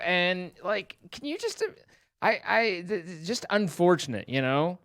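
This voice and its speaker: A man's voice: sits high, very animated, normal speed, fairly bright tone, clean tone, no room sound, clean studio sound. A man co-hosting a stream, rambling in casual chat with many fillers and restarts. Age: middle-aged. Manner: rambling, self-interrupting, lots of fillers. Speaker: streamer co-host.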